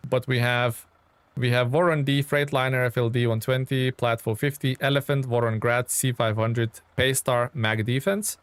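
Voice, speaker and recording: A man's voice: mid-range voice, steady tone, moderate pace, clear, resonant tone, dry recording. A man streaming a game live, chatting casually with viewers and rambling through his thoughts with frequent restarts. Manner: rambling, restarts often, answers chat by name.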